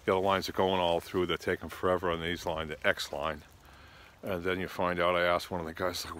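Brief: casual, exasperated male storyteller, slightly low voice, loose and rambling. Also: steady tone, fast, a bit bright.

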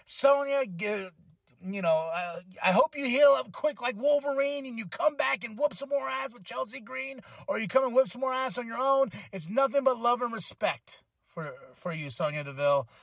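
A man hosting a casual solo review podcast, rambling and excitable, with frequent restarts and free swearing. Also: very high voice, moderate pace, vocal fry, no room sound. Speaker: podcast host.

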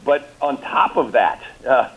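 A man's voice: medium pitch, animated, unhurried, dull audio. A man, a governor, being interviewed on talk radio, confident and upbeat, repeating words as he restarts his talking points. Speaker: governor, guest. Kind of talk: political interview by phone or remote.

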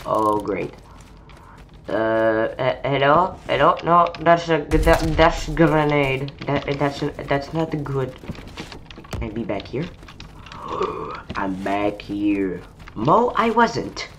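A woman with a low voice drawls through casual gaming commentary, trading sarcastic jabs with other players. Her talk is slow and mumbly, and keyboard typing and mouse clicks sound clearly in the background. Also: slight background noise. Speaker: gamer streamer.

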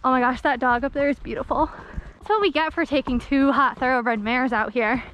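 A woman's voice: high voice, normal speed, lo-fi sound, slight background noise. A young woman vlogging casually while riding a horse on an outdoor trail, chatty and giggly, teasing her horse, recorded on an action camera. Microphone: helmet or body-mounted action camera.

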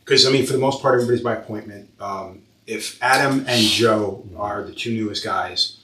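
A man who owns a tattoo shop, hosting a casual podcast chat and telling lively stories full of swearing. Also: lowish voice, fairly quick, background noise. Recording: roomy sound, far from mic.

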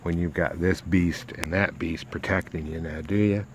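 A man speaking for a timid young female puppy, in his own low voice. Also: steady tone, moderate pace, a little hiss or hum, lightly acted. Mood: wary.

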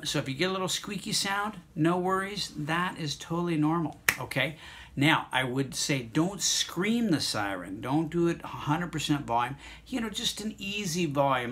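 A man's voice: on the high side, a bit bright, slight background noise. Encouraging male music teacher. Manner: encouraging, talks students through exercises. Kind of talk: online music lesson.

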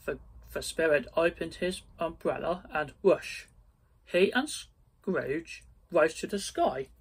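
Storybook reader: a man, slightly high, slow careful delivery. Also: slightly rough. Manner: slow, careful reading with small slips. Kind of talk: reading a storybook aloud.

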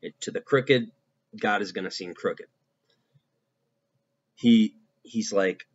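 Man, very low voice, unhurried, casual devotional talk, halting with fillers, dull lo-fi sound. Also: dry recording. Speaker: preacher. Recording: dull lo-fi recording.

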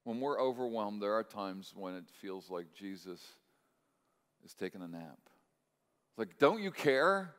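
Low-voiced male pastor preaching in a hall. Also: fairly even intonation, unhurried, long pauses, clean tone. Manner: storytelling, checks in with "right?"; swings from hushed to loud, impassioned. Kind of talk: sermon. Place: church sanctuary. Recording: long reverb of a large hall.

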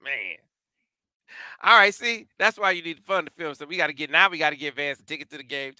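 Bright, crisp-voiced joking host. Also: male voice, fairly high pitch, expressive, fairly quick, no room sound. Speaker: show host. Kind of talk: casual interview chat.

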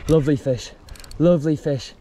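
A man, out of breath and excitable, giving vlog commentary while fishing outdoors by a river. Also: a little high, normal speed. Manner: excitable, breathless, swearing mildly. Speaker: fishing vlogger. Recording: outdoor vlog with loud water noise.

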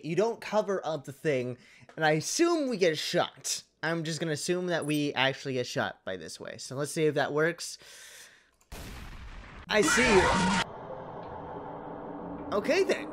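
A young man giving excitable, joking let's play commentary, swearing in bursts. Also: fairly high pitch. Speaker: gaming video creator. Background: music.

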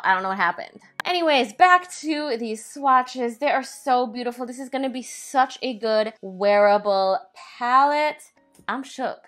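A woman's voice: mid-range voice, a bit bright. A young woman reviewing makeup at home in a chatty, playful way, joking and humming bits of song between comments. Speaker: beauty vlogger. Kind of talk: casual makeup review chat. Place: home, indoors.

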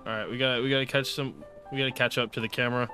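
A young man doing let's play commentary, excitable and sarcastic, pleading and shouting at the game as he plays. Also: mid-range voice, very fast, faint music behind. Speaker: gaming YouTuber.

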